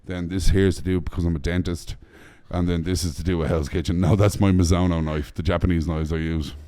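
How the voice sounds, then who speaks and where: Deep-voiced blunt Irish man. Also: flat delivery, a little fast, warm tone. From Ireland. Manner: blunt, profane storyteller. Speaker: guest chef. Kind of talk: casual podcast chat.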